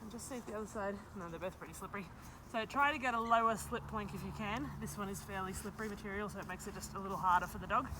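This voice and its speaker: A woman's voice: mid-range voice, very fast. Woman, dog trainer, casual teaching, praises dogs often, noisy outdoor recording. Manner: chatty, breaks off to praise dogs, beeping cues.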